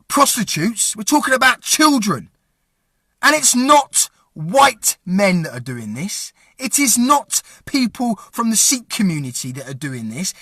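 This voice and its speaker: A man's voice: very high voice, sharp tone, dry recording, clean studio sound. A young man giving an impassioned, angry, swearing rant straight to his viewers, calling them to act. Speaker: vlogger. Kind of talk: direct-to-camera rant.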